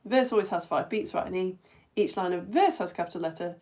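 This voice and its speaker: A woman's voice: on the low side, fast talker, darkish tone. A middle-aged woman teaching an online all-ages lesson, running a quiz in a playful way that often breaks into a giggle and speaks straight to her viewers. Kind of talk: live-streamed quiz lesson.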